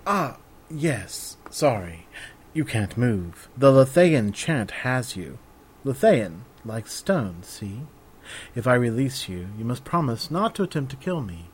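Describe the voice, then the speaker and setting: A man's voice: medium pitch, very animated, slow, a little hiss or hum. A man voicing a courtly male bard in a storybook reading, with a polite, formal, mildly amused way of speaking. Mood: courteous.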